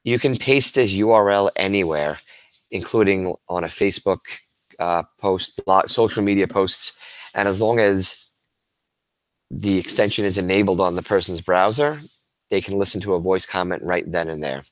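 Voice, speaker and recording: A man with a low, deep voice walks other teachers through a screen demo in a relaxed, enthusiastic way. He restarts words now and then and keeps it conversational. The recording is dry and close, with little room sound. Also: moderate pace, no echo. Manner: casual and enthusiastic, with frequent restarts and fillers. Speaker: teacher presenting to educators. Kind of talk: webinar presentation with screen demo.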